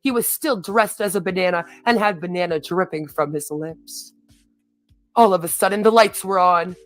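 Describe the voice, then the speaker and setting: A woman's voice: fairly low pitch, moderate pace, faint music behind. A woman reading a story aloud on a stream, in a theatrical manner, sometimes breaking off to comment on her own reading.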